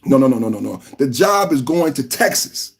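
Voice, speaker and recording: A podcast host from California, giving live reaction commentary in an emphatic, repetitive rant. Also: male voice, medium pitch, sing-song, normal speed, vocal fry.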